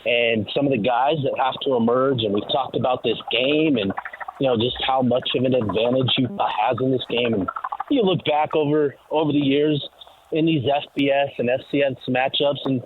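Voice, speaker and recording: A man with a mid-range voice speaks at normal speed over a tinny phone line with a little hiss or hum. Calling in as a team insider, he offers casual sports analysis packed with fillers while he walks to the stadium.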